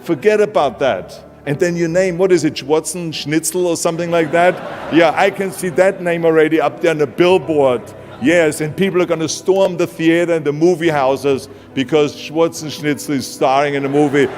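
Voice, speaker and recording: A man's voice: fairly high pitch, moderate pace, close to an everyday voice. Man mimicking a scoffing agent, Austrian accent. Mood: mocking. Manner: scoffing, loud, exaggerated disbelief. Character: sneering male talent agent, mocking and incredulous. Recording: hall reverb with music underneath.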